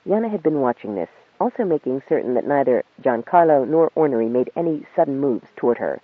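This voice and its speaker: A man narrating an audiobook in a steady storytelling manner. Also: mid-range voice, brisk, hardly any pauses, dry recording. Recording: phone-like dry sound.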